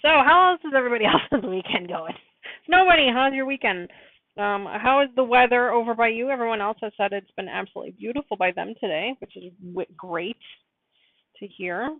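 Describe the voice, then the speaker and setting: Brisk and a little high-pitched, a woman runs a live quilting stream with chatty, apologetic talk and plenty of laughter. The conversation is relaxed sewing chat. Audio is dry and narrow, phone-like, with no room sound.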